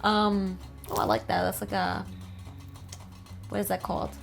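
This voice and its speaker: A woman's voice: mid-range voice, animated, unhurried, gravelly, faint music behind. A woman with a New Jersey accent, casually riffing and joking as she reads about game art. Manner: chatty, jokey, reads aloud and riffs. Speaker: host.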